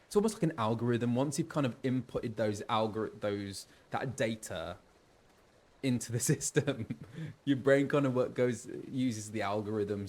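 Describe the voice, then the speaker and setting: A man's voice: on the low side, darkish tone. A man, a voice actor, chatting casually and with many fillers while streaming a game.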